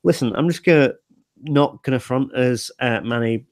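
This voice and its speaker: A man hosting a casual livestream while tipsy, his words slurring a little as he rambles through fillers and false starts. He is on a video call, and his voice sounds close and dry. His pitch sits in the middle for a man. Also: normal speed, darkish tone, no room sound. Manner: rambling with many fillers and restarts. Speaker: livestream host. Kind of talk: casual group livestream chat.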